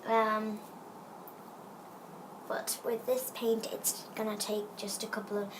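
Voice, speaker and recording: A woman's voice: medium pitch, little pitch movement, slow pace, a little hiss or hum. A woman casually explaining a craft project step by step, rambling and hesitant, with lots of fillers and restarts. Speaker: craft tutorial presenter. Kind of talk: casual how-to narration.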